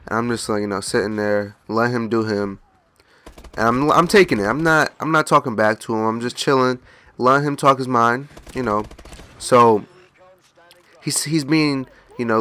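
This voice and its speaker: A man's voice: mid-range voice, fairly bright tone, dry recording. Young man, laid-back storyteller, rambling anecdote, dry close sound. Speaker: gaming channel host. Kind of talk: casual storytelling.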